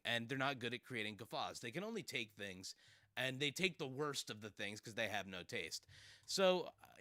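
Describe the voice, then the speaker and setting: A man's voice: medium pitch, bright, forceful tone, no room sound, clean studio sound. A man hosting casual commentary, sarcastic and rambling with fillers and laughs. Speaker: streamer host.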